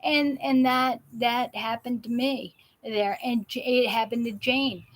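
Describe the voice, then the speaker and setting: A woman's voice: fairly high pitch, steady tone, slow pace, poor audio. A woman hosting a live show, chatting casually and rambling with many restarts and fillers. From South Jersey. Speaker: host of a live patient show. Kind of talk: casual live-stream chat.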